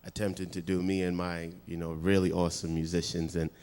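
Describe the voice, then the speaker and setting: A man's voice: low voice, little pitch movement, fairly quick, darkish tone, clean tone. A man from West Africa whose first language is not English, answering in a laid-back, modest way with many fillers. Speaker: musician guest. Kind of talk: interview answers. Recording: long hall reverb.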